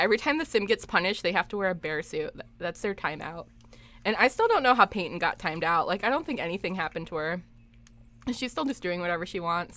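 A woman's voice: medium pitch, bright, forceful tone. Giggly young woman streaming a game. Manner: giggly, laughs often, reads chat aloud. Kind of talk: live gameplay stream chat.

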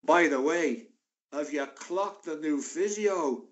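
A man doing a booming, brash big footballer. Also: muffled recording. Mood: menacing. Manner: booming, slow and menacing.

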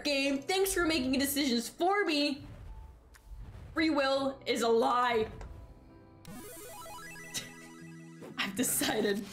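A young woman streams a video game, chatting playfully and dramatically with her viewers and thanking followers in casual live-stream talk. Her voice sits high and moves very slowly, with frequent pauses. Faint game music plays behind her.

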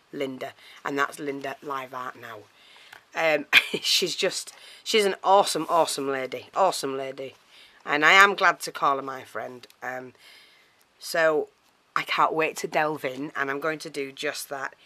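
A woman chatting casually to camera as she unboxes a parcel, gushing and a little out of breath. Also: low voice. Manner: excitable and chatty, many fillers, gushing thanks. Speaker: craft vlogger.

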